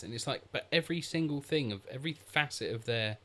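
A man's voice: mid-range voice, animated, fast talker. A man co-hosting a film review podcast, talking in an analytical, rambling way. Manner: analytical, rambling with many "like" fillers. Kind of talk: casual film review chat.

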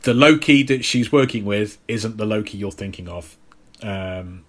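Teasing podcast co-host. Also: male voice, fairly low pitch, steady tone, moderate pace, a bit bright. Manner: teasing, explains lore with filler words. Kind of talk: casual film podcast chat.

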